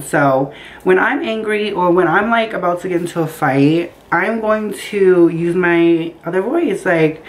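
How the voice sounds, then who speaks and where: Low-voiced woman telling a story. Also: slight background noise, poor audio. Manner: animated, acts out quotes with voices. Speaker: storytime vlogger. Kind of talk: casual storytelling. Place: bedroom by a window.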